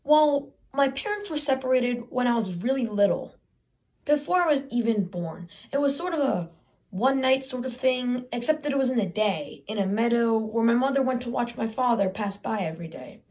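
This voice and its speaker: A woman's voice: a little high, expressive, moderate pace, darkish tone, natural voice. A teenage woman playing an eager, aggrieved boy who brags that the sun is his father, in a chatty stage monologue with sarcastic asides. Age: teens. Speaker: student theater performer.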